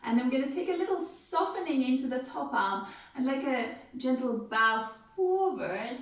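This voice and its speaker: A woman leading a gentle seated music and movement session, soft and encouraging, talking through each step. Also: high-pitched, lively intonation, moderate pace, recorded from a distance. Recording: very echoey room, away from the mic.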